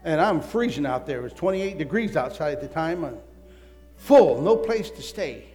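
Older male evangelist with a slightly high voice, animated storytelling testimony, recorded in a reverberant hall. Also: normal speed. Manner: animated storyteller, voices his wife and prayers, excited swings. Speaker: literature evangelist. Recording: long hall reverb, faint music.

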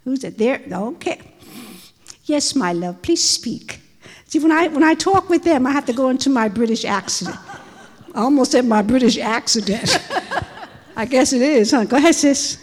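High-voiced woman calling out praise. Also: lively intonation, normal speed. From Florida, USA. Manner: exuberant, calling out praise and hallelujahs. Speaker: prayer meeting leader. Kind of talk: leading a church testimony meeting. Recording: long reverb of a church hall.

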